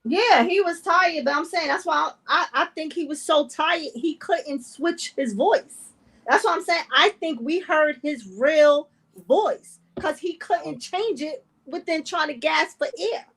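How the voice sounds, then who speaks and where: A woman's voice: sits high, unhurried, fairly bright tone. A woman co-hosting a podcast, chatting casually and repeating her points for emphasis. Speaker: podcast co-host. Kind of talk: casual chat.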